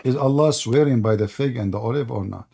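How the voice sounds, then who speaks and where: A man with a husky, slightly rough voice hosts a live debate stream. He fires pointed questions and keeps repeating words to hold the floor against his callers. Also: mid-range voice, brisk, warm tone. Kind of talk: argumentative debate talk.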